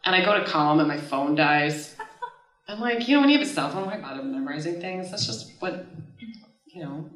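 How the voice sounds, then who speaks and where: Animated woman telling a story in an echoey room. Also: low voice, brisk. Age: 30s. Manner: animated and casual, often laughs and swears mid-story. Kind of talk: live personal storytelling on stage. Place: stage at a live storytelling event. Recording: echoey room, voice from far off the mic.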